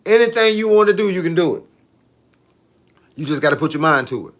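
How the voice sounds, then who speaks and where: A man's voice: fairly high pitch, brisk. A man, chatting casually on a livestream as a fitness coach, telling stories and reacting to viewer comments. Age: 50s. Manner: animated, storytelling, reading out viewer comments.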